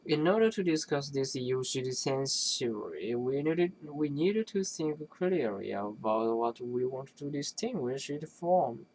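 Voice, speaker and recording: A speaker reading an academic linguistics text aloud, stumbling and restarting phrases and clearing their throat between passages. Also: mid-range voice, animated, darkish tone, a little hiss or hum, rough recording. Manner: halting, with restarts and self-corrections.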